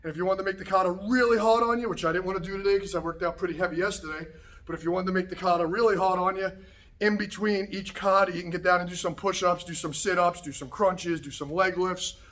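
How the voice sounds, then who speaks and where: A man teaching karate to the camera in a casual, relaxed way, a little out of breath after working out, often checking in with "okay" and "right". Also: high voice, fast. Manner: relaxed, repetitive coaching with frequent okay and right. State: slightly out of breath after a workout. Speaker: karate instructor. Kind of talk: casual instructional talk to camera. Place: martial arts practice space, indoors.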